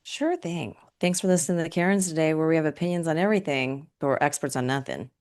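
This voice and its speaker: A woman's voice: low voice, quick pace, darkish tone. A woman co-hosting a casual podcast in an upbeat way. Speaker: podcast co-host. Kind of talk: casual group chat.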